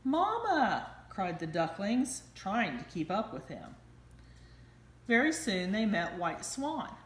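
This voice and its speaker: A woman teacher reading a bedtime story aloud in a slow, expressive storytelling manner. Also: on the low side. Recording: roomy echo.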